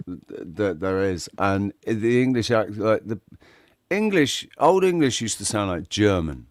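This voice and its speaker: A man's voice: on the low side, sing-song, a little slow, no echo, studio quality. A man hosting a casual chat, swearing freely and often restarting his sentences.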